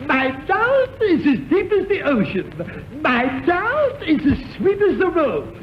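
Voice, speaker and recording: A man playing a cheeky, big-nosed male comic in an old radio comedy sketch, bantering and quick to laugh. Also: extremely high pitch, wildly swooping pitch, a little hiss or hum, heavily acted. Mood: joking. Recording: dull old radio transcription in a roomy hall.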